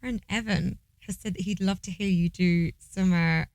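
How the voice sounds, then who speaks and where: A woman's voice: mid-range voice, fairly even intonation, moderate pace, darkish tone, no echo. A young woman co-hosting a podcast, chatting in an encouraging, friendly way. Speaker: podcast co-host. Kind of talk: casual chat.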